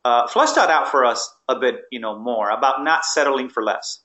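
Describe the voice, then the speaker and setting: A man hosts an interview and echoes his guest's ideas back before asking follow-ups. His voice has an ordinary mid pitch. The room adds noticeable echo. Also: normal speed, pushed and bright, dull audio. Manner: affirming, paraphrasing the guest. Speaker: interview host. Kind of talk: conversational interview.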